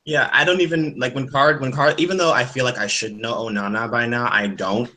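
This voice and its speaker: A young man hosting a casual chat, rambling and laughing with animated retold quotes. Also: medium pitch, brisk, poor audio. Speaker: host.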